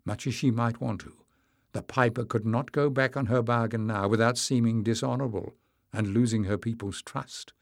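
A man reading a fantasy novel aloud in measured, expressive scripted narration. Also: mid-range voice, creaky, dry recording, studio quality. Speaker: audiobook narrator.

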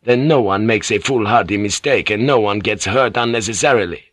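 A man's voice: on the low side, brisk, fairly bright tone, dry recording, clean studio sound. A man voicing a practical, wary male sea captain, musing plainly in an audiobook reading. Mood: wry relief.

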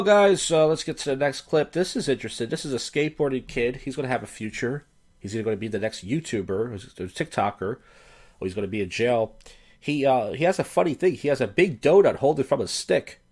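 Profane sardonic man with a lively voice. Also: mid-range voice, slightly rough. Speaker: host. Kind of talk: casual commentary on viral clips.

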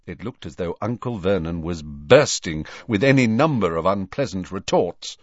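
A man reading an audiobook in an unhurried, expressive way, in a dry, slightly dull recording. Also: low voice, no echo. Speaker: audiobook narrator. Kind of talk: audiobook narration.

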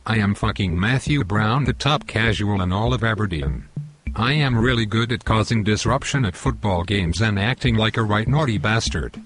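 A male text-to-speech voice playing a boastful, violent football hooligan, in a flat robotic delivery. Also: lowish voice, moderate pace, faint music behind. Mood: boastful threats.

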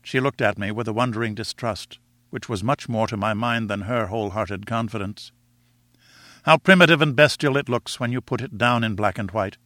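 A man reading a novel aloud in a measured, reflective storytelling manner. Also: fairly low pitch, bright, forceful tone, no echo. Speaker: audiobook reader. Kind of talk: scripted narration.

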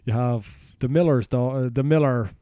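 Irish man, podcast host, loose sweary storyteller, warm dark tone, dry close sound. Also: mid-range voice, moderate pace, dry recording. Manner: crude, sweary, rambling retelling. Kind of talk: casual comic storytelling.

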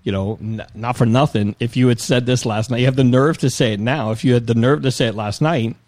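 A man's voice: mid-range voice, a little fast, darkish tone, no room sound, clean studio sound. A man in his forties telling a rambling, self-mocking story in casual chat.

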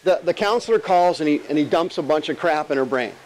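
A male pastor preaching an animated, emphatic sermon full of rhetorical questions and jokes. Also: a little high, fast, low-quality recording.

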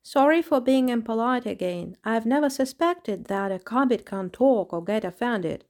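Woman reading as an inquisitive young lizard lad, polite, pitched a little high, storybook voice. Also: expressive, normal speed, a little mellow. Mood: curious. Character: curious young male lizard.

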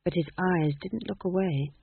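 A man narrating a novel in a dry, even storytelling manner. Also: sits high, moderate pace, creaky, husky. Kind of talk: audiobook narration. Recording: tinny phone-like dry recording.

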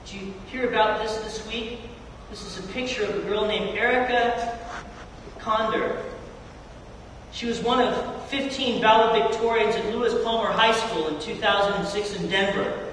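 A middle-aged man preaches in a storytelling style, his voice climbing high and loud, then sinking to near a murmur. His voice is very high for a man. It rings with long reverb, as if in a big church hall. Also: fairly even intonation, normal speed, a little hiss or hum. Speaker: youth pastor. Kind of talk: sermon. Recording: echoey hall from far off.

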